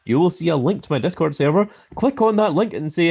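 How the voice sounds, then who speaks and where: A Scottish man hosting a live stream, his pitch swinging up and down as he talks. He speaks with a grand manner and sounds out every word with care. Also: animated, quick pace, vocal fry, a little mellow, husky. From Scotland. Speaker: mobile game live streamer. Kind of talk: live stream chat reading.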